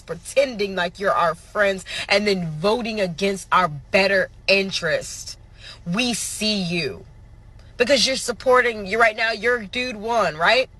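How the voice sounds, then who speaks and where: Husky-voiced woman ranting furiously. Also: medium pitch, sharp tone. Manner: furious, profane, emphatic. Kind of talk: angry social media rant.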